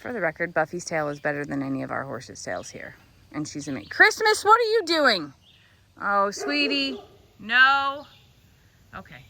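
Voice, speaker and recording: A young woman keeping a farm animal sanctuary, chatting through her chores outdoors. She coos to the animals in a high sing-song, then drops to a low, chatty voice. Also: creaky, sharp tone, slight background noise. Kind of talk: casual vlog narration.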